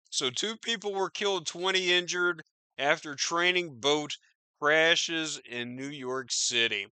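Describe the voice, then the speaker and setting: A man's voice: fairly high pitch, takes it slowly, pushed and bright, clean tone, dry recording. A man hosting a podcast, riffing on news in a profane, rambling, incredulous way. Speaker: podcast host. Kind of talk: casual news commentary.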